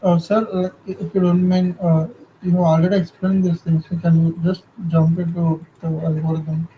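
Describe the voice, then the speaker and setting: A man's voice: on the high side, flat delivery, normal speed, muffled recording, a little hiss or hum. A male student in an online class, asking the teacher questions politely and hesitantly.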